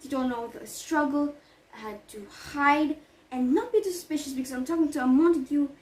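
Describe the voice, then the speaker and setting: A woman's voice: high-pitched, brisk, a little mellow, lightly acted. A woman playing a flustered nurse in an amateur school play, stammering and correcting herself. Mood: fussy. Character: fussy, flustered nanny, middle-aged woman. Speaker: Juliet's nurse in a class play. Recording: echoey room, far from the mic.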